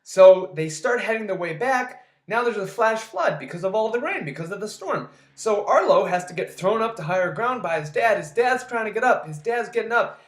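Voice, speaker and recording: A casual movie recap delivered as a sarcastic, exasperated rant with frequent swearing. The voice sits at a middling pitch, and a roomy echo surrounds it. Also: lively intonation, moderate pace, hardly any pauses. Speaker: movie reviewer.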